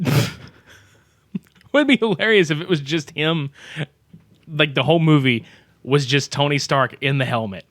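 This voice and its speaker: A man co-hosting a podcast in casual chat, loud and joking, laughing often and swearing freely. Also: fairly high pitch, moderate pace, pauses often, dry recording, clean studio sound. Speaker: podcast co-host.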